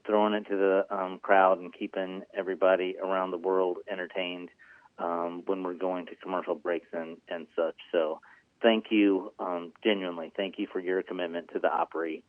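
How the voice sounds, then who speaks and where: A man's voice: low-pitched, no room sound. Man on a tinny phone line. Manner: earnest, rambling with many ums. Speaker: executive producer guest. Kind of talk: casual interview talk.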